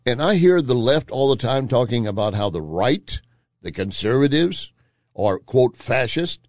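A man's voice: medium pitch, very animated, unhurried, a little mellow, no room sound, highs cut off. A male talk radio host giving emphatic commentary, often repeating phrases for effect.

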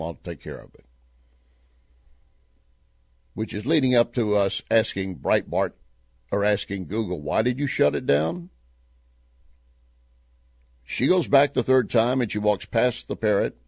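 A man's voice: lowish voice, unhurried, creaky, pauses often, no echo. A middle-aged man hosting a talk radio show, commenting on news and telling a joke with chuckling asides. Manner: animated storyteller, chuckling asides.

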